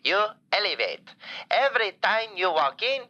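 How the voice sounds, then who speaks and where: An actor playing a doting, flamboyant falafel shop owner calling into a radio show, talking in broken grammar with playful deadpan jokes. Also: male voice, high voice, normal speed, highs cut off, exaggerated voice. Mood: effusive. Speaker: caller.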